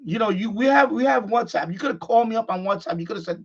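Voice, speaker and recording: Quick-paced and blunt, a middle-aged man vents his frustration unscripted on a live stream, repeating phrases and restarting often. His voice sits high with a gravelly rasp, captured in dull, lo-fi stream audio.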